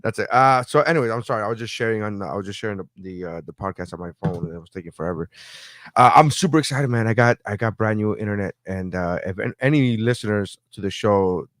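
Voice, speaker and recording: A man's voice: on the low side, fast talker, a bit bright, no room sound, clean studio sound. A man co-hosting a podcast, telling a story with lots of swearing and acted-out phone calls. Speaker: podcast co-host. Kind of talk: casual podcast chat.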